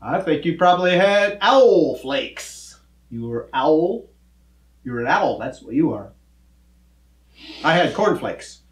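A folksy, good-natured cowboy teacher in a children's comedy skit, his voice fairly high and very lively. He explains patiently and cracks corny jokes, with a roomy echo around him. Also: slow pace, long pauses. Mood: friendly.

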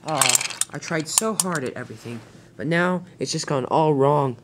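A small, anxious tank engine frets and apologizes in a homemade toy-train story, as a narrator voices him. The pitch stays close to everyday talk. A faint hiss sits under the recording. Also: normal speed, lightly acted. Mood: fretful. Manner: fretful, apologetic.

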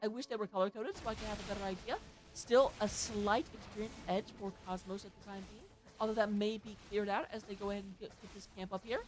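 A woman casting an amateur esports match with play-by-play commentary, chatty and excitable, with joking asides. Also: mid-range voice, fast talker, soft background music. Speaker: esports caster.

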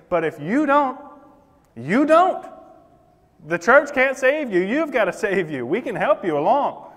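A man's voice: sits high, a bit bright. A man preaching a sermon in a church, impassioned, acting out the words of the figures in the Bible story. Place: church sanctuary. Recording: long reverb of a church hall.

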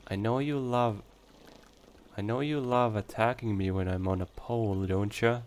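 A man's voice: fairly low pitch, normal speed, a little mellow, slight background noise. A young man giving casual let's-play commentary, muttering to himself and breaking into frustrated swearing.

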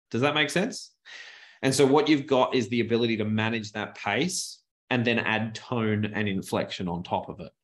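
A lowish male voice, captured on a good desk microphone in a home office, leads a webinar on presentation skills. He keeps things animated by intentionally changing his speed and tone.

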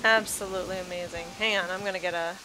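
A woman's voice: lowish voice, fairly even intonation, fast talker, rough recording. A woman hosting a video tour of a game island, gushing and exclaiming over what she sees, a little sleepy. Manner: gushing, effusive, exclaims often. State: sleepy, yawning. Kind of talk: casual gameplay commentary. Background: background music.

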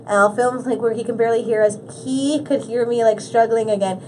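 A woman guest on a podcast, chatting casually and telling animated stories while acting out the quotes. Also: a little high, a little fast, slight background noise. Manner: animated storyteller, acts out quotes. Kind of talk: casual chat.

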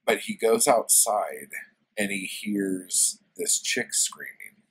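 A man's voice: fairly low pitch, animated, slow pace, fairly bright tone, breathy edge, low-quality recording. A man casually retelling a story as a book reviewer, loose and profane, full of fillers.

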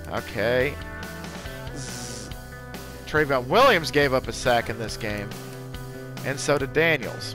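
Excitable man reacting to a football game. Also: mid-range voice. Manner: excitable, frequent exclamations and mild cursing. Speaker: gaming YouTuber. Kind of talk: live video game commentary.

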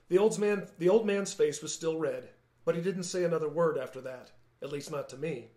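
A man, the author, reading his own novel aloud in calm, measured first-person narration. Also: a little high, echoey room. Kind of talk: audiobook-style narration.

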